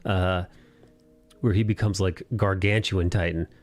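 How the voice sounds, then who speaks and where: A young man hosting a casual anime discussion podcast, recapping scenes animatedly and jumping into quick character voices. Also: low voice, steady tone, soft background music. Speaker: podcast host.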